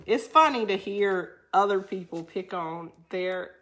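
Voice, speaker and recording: Crafting for her video audience, a Southern woman laughs and chats easily in a drawl as she goes through viewer comments. She speaks at medium pitch, unhurried, with a fairly bright tone.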